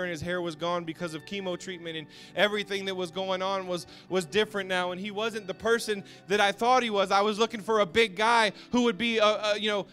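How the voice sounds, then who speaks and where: Impassioned high bright-voiced man preaching. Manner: swings from hushed storytelling to shouted passion; halting, repeats words when moved. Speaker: pastor. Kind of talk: emotional personal testimony sermon.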